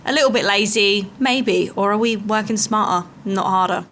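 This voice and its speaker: A woman's voice: mid-range voice, moderate pace, a bit bright, a little hiss or hum. A young woman vlogging a hiking trip, chatting casually and poking fun at herself. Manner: chatty, self-mocking. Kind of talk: casual travel vlog chat and voice-over.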